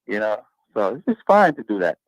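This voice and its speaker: A man's voice: on the low side, very animated, fairly quick, dry recording. A man hosting a radio talk panel, arguing his points in an emphatic, preachy way. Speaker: radio talk show host. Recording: dull lo-fi radio sound.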